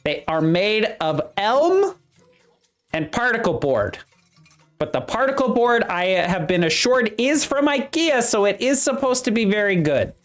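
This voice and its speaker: A game master voicing a chipper workshop supervisor at Santa's workshop, talking with a Midwestern accent in hurried tour-guide patter. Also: medium pitch, sing-song, voice pushed up. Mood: upbeat. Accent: Midwestern American.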